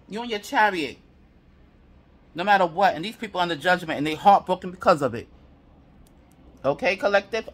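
A man's voice: high voice, fairly bright tone, a little hiss or hum. A man giving a tarot reading to viewers, heated and profane, piling up repeated affirmations. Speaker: tarot reader.

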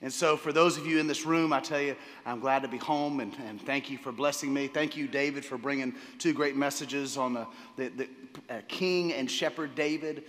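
A man pastor preaching a sermon to his congregation, enthusiastic, often repeating words and pausing with fillers. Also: mid-range voice, a bit bright. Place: church sanctuary. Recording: long hall reverb.

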